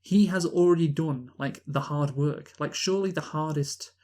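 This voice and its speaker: A man's voice: fairly high pitch, moderate pace, dark tone. A man from Britain in casual podcast chat about a film, rambling with many restarts and fillers. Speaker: podcast co-host, film reviewer.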